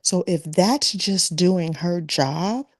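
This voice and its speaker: A woman's voice: lowish voice, slow, dry recording, clean studio sound. A woman in her forties arguing emphatically in a casual sports debate, stretching her words for effect. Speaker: debate panelist.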